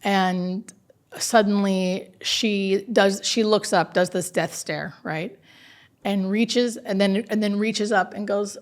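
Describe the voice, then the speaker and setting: Woman hospice nurse telling stories on a podcast, earnest, animated, says like a lot. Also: medium pitch, measured pace. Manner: animated, earnest, lots of "like" fillers. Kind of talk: conversational storytelling interview.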